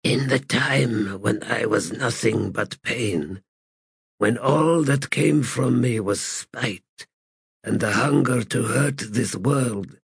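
A man's voice: mid-range voice, dry recording, pitched above the performer's own voice, full character voice. A man voicing a frail, chained, broken god. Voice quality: frail, breathy. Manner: slow, pleading, halting.

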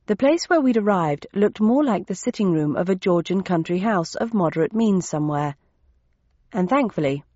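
A woman narrating a first-person novel in a wry, measured storytelling manner. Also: mid-range voice, darkish tone, no echo, dull audio. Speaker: audiobook narrator.

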